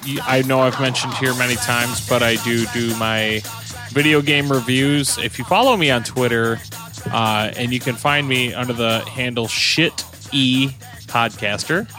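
A man co-hosting a casual podcast, talking haltingly with many fillers as he plugs his work. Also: mid-range voice, over music. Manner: hesitant, lots of fillers. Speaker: podcast co-host.

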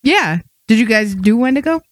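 A woman's voice: on the high side, lively intonation, moderate pace, no room sound, studio quality. A woman co-hosting a casual comedy podcast, wry and playful in her banter. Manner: wry, playful, laughs easily. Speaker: podcast co-host.

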